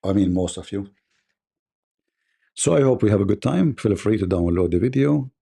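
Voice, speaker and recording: A man's voice: lowish voice, lively intonation, normal speed, creaky, mellow, slightly rough. A man hosting a livestream debate, delivering a mocking, combative monologue.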